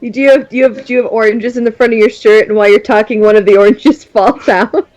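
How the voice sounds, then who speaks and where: A man's voice: high voice, fairly even intonation, quick pace, a little mellow, no room sound, lo-fi sound. A man at a tabletop game, reading viewer messages aloud and joking along. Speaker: player. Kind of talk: casual chat, reading chat messages.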